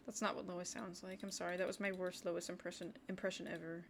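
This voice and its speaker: A woman's voice: on the low side, level tone, fast, hardly any pauses, a little hiss or hum. A woman streamer giving casual running commentary on a game. She talks to her chat and sometimes drops into short whispered asides. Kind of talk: casual gaming livestream commentary. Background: faint keyboard typing.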